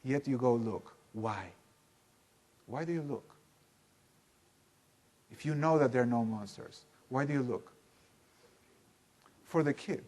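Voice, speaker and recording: A man leading a live seminar in a room with an audience, talking in an animated, emphatic way and putting questions to the listeners. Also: mid-range voice, slow, long pauses. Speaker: workshop teacher.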